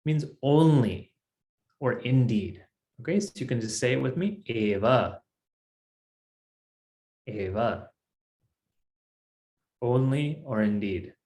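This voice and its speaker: Slow, lively-pitched man teaching a class. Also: roomy sound. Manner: patient, explains step by step, lively pitch. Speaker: Sanskrit teacher. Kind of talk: online language class.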